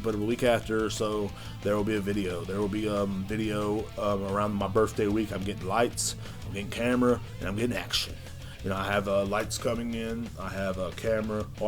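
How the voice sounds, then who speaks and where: Brash, profane man, low voice. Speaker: podcast host. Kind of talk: casual rant podcast.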